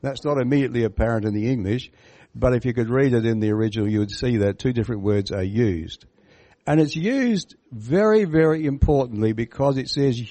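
A man's voice: medium pitch, fairly quick. A man preaching a sermon on a Bible parable. He is emphatic and keeps putting questions to his listeners. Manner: animated, emphatic, asks the listeners questions and comments on the text.

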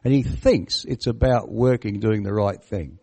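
A man's voice: fairly low pitch, measured pace, creaky. A man preaching a sermon on a Bible parable. He is emphatic and keeps putting questions to his listeners. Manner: animated, emphatic, asks the listeners questions and comments on the text.

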